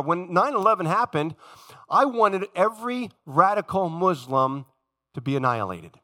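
A man preaching a sermon in church, animated and emphatic, acting out the voices of the story he retells. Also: high-pitched, moderate pace. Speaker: pastor. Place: church sanctuary.

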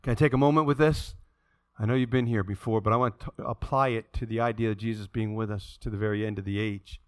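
A man preaching a sermon, reading scripture and then speaking to his listeners in a conversational way, moving between hushed moments and impassioned ones. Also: fairly low pitch, steady tone, fast talker, dry recording, clean studio sound. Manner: dynamic, swings from hushed to impassioned; conversational asides to the congregation. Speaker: pastor.

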